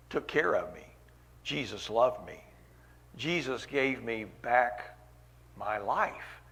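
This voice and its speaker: A man's voice: medium pitch, vocal fry, a bit bright. A man preaching a sermon at a church meeting, earnest, repeating key phrases for weight.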